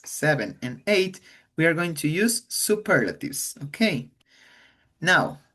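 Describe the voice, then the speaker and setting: A man, a Spanish speaker teaching English, talking patiently and repeating words to model how they sound. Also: a little high. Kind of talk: online English class.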